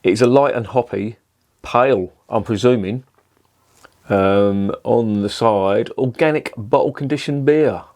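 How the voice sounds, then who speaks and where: A man's voice: mid-range voice, measured pace, a little mellow. A man reviewing beer in a casual, rambling, sweary and jokey vlog. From southern England.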